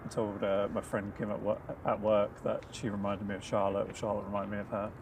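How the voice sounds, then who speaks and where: A man's voice: lowish voice, completely flat delivery, brisk, far from the mic, noisy background. A man co-hosting a casual live plane spotting stream outdoors, chatting and reading out flight details. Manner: chatty, self-deprecating, reads flight details. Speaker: plane spotting livestream co-host. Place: outdoors at an airport, walking through mud.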